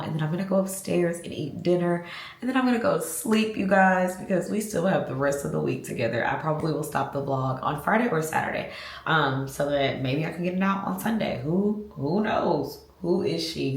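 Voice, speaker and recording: A woman, talking casually to her viewers in a warm, heartfelt, faith-filled vlog from her home. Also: low-pitched, reverberant. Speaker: lifestyle vlogger. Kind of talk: casual vlog talk to camera. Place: room at home.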